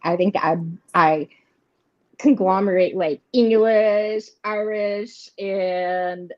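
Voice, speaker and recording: A woman's voice: mid-range voice, steady tone, takes it slowly. A woman, hosting a live reading stream in casual, rambling chat and laughing often. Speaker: host of live tarot readings. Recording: dull lo-fi stream audio.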